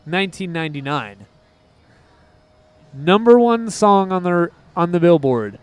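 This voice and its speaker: A man co-hosting a casual music podcast, talking in an excitable, rambling way with quick asides. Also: high voice, smooth. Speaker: podcast co-host. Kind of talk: casual chat.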